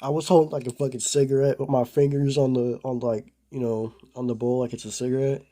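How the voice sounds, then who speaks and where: A man's voice: mid-range voice, level tone, quick pace, mellow. A young man casually telling a rambling story to the camera, full of filler words and slang. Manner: rambling, laid-back, lots of "bro" and "like". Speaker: vlogger.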